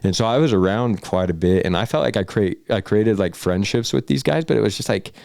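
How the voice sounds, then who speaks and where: A man's voice: on the low side, lively intonation, fairly quick, vocal fry, darkish tone, no echo. A young man, a podcast guest, telling a long story in casual, rambling talk full of fillers and swearing. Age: young adult. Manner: rambling, filler-heavy, profane.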